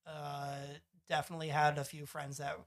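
A man's voice: a little high, monotone, normal speed. A man co-hosting a podcast, recapping a TV episode in casual chat, rambling and swearing as he acts out lines from the show. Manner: rambling, profane, acts out quotes with shifting voices. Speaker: podcast co-host.

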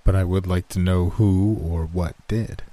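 A man's voice: deep voice, steady tone, a little slow, warm tone, dry recording. A man voicing a cold inhuman male entity that wears a man's face, speaking in a commanding, matter-of-fact way. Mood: calm.

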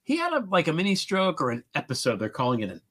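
A man co-hosts a podcast in a husky voice whose pitch moves a lot. He chats casually about politics in a wry, self-deprecating way and swears freely. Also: huge pitch swings, fast, a bit bright. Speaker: podcast co-host.

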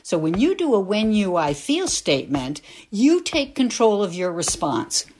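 An older woman talks through an idea from her teaching years in a relaxed, explanatory way. Her pitch rises and falls with lively movement, and she circles back with small restarts as she thinks. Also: a little slow, a little hiss or hum. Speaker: guest, former school nurse. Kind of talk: casual conversation.

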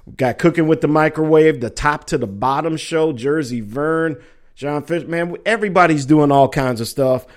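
A man's voice: fairly high pitch, normal speed. A middle-aged man hosting a casual sports talk show, rambling and joking with listeners. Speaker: sports podcast host.

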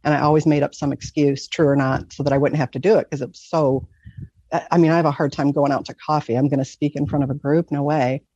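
A woman candidly telling a personal story as an interview guest, earnest and often breaking into soft laughs. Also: low voice, steady tone, fast talker, breathy edge, dry recording. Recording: dull lo-fi recording.

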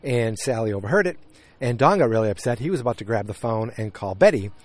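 A man's voice: mid-range voice, lively intonation, fast. Man, casual recap, blunt and chatty, many restarts, outdoors by the woods, handheld recorder. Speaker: podcast host recapping a TV episode. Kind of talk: casual chat. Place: outdoors beside woods near his house.

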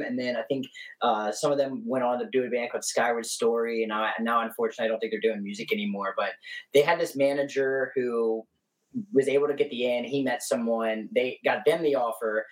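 A man guest on a casual podcast, telling animated stories packed with fillers. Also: medium pitch, distant mic, poor audio. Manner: animated storyteller, heavy on fillers. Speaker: guest musician. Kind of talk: casual chat.

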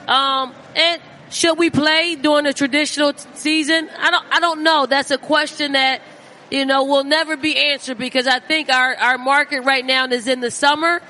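Emphatic, earnest high-voiced guest. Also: female voice, steady tone, moderate pace, sharp tone. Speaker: guest, former basketball player. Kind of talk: live podcast interview.

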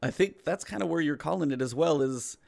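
Man, middle-aged, gravelly voice, casual podcast co-host, chatty and rambling. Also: fairly high pitch, fairly quick, a little mellow. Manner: chatty, explains at length with many "like"s. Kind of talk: casual gaming podcast chat.

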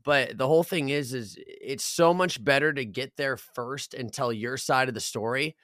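A young man tells a story in relaxed podcast chat, heavy on swearing and laughter. His voice sits at a middle pitch. The sound is dry and close, with no room around it. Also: moderate pace, no echo. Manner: swears a lot, laughing storyteller, acts out quotes. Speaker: podcast co-host. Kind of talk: casual chat.

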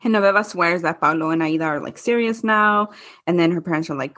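A woman's voice: fairly low pitch, fast, fairly bright tone. A young woman co-hosting a podcast, chatting casually about a TV show, laughing often and acting out quotes. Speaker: podcast co-host. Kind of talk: casual chat recapping a TV show.

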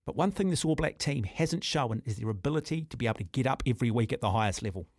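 A man's voice: mid-range voice, expressive, quick pace, darkish tone, no echo, studio quality. A man with a New Zealand accent hosting talkback radio, blunt and combative, often calling his caller mate. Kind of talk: opinionated talk radio. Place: radio studio.

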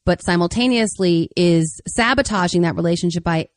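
A woman's voice: on the low side, normal speed, no room sound, studio quality. A woman co-hosting a podcast conversation, listening attentively and asking reflective follow-up questions. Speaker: podcast co-host.

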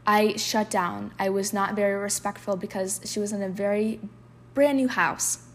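A woman hosting a podcast tells a candid personal story, emotional and confessional, full of "like" fillers, reading poems aloud and sometimes dropping to a whisper. Her voice is medium-pitched with fairly even intonation at normal speed, over slight background noise.

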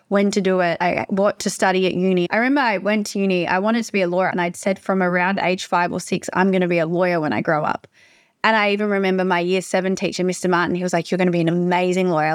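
A young woman telling a personal story on a podcast, emotional and confessional, often repeating herself in quick bursts. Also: mid-range voice, dry recording, clean studio sound. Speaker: podcast host.

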